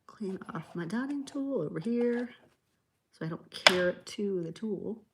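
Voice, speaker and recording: A woman's voice: medium pitch, lively intonation, measured pace, heavy background noise. A woman hosting a live nail art tutorial, chatting casually, answering viewer comments and laughing easily. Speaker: nail art livestream host.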